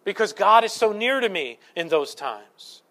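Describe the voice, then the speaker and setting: Animated man preaching a sermon. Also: sits high, a little slow. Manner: animated storytelling with self-deprecating humor, swings between loud and hushed. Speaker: pastor.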